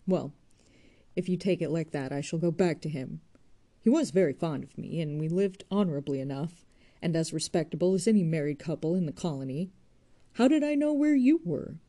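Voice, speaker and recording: A woman's voice: sits low, lively intonation, fairly quick, mellow. A woman voicing a blunt worldly young woman. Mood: defiant.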